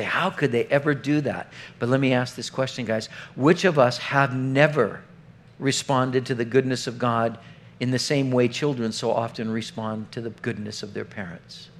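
A middle-aged man preaching an earnest, conversational sermon, often putting questions straight to the congregation. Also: medium pitch. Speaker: pastor.

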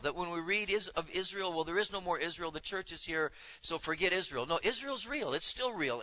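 A man preaching in earnest, his voice swelling on key phrases and often repeating words. He speaks a little higher than most men. The recording sounds muffled and lo-fi. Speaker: pastor. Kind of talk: sermon.

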